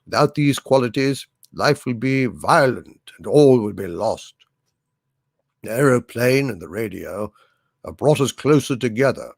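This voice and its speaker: A man putting on a deep British villain impression for a slow, solemn speech reading. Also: gravelly, no room sound, clean studio sound.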